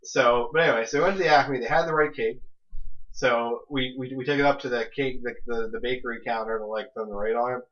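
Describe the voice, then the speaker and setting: A man's voice: mid-range voice, steady tone, fast, a bit bright. A young man hosting a podcast, telling a long story in casual chat with lots of restarts and fillers. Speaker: podcast co-host. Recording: dull lo-fi podcast audio.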